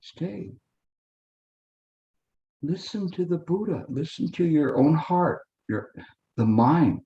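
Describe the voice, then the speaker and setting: A man's voice: on the high side, lively intonation, measured pace, dark tone. A male meditation teacher giving a dharma talk, earnest, repetitive and coaxing, on a dull lo-fi recording.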